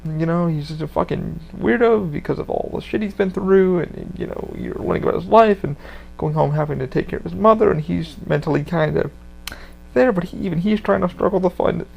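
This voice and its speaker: A man's voice: high-pitched, brisk, vocal fry, muffled recording. A man hosting a podcast, talking in a rambling, casual way with lots of swearing and fillers. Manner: rambling, profane, full of fillers. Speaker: podcast host.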